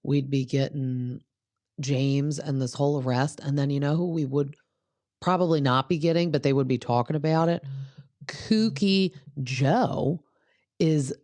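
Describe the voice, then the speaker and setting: A woman's voice: deep voice, steady tone, fairly quick, darkish tone, no room sound. A woman hosting a podcast in a casual gossip chat, talking in a chatty, sarcastic, rambling way with lots of asides. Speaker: podcast host.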